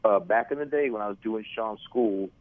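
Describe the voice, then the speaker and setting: A middle-aged man with a Texan accent, a wrestling promoter telling animated stories in a phone interview, repeating words as he goes. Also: lowish voice, moderate pace, no echo. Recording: tinny dry phone line.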